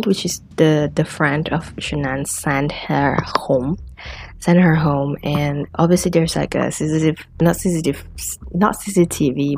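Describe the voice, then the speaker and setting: Woman, low gravelly voice, rambling casual true-crime storyteller. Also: darkish tone. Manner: rambling, many restarts and fillers, acts out quotes.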